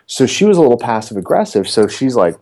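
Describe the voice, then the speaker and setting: A middle-aged man coaching real estate agents in a casual podcast chat, telling animated stories and acting out the people in them. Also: medium pitch, quick pace. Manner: animated storyteller acting out quotes.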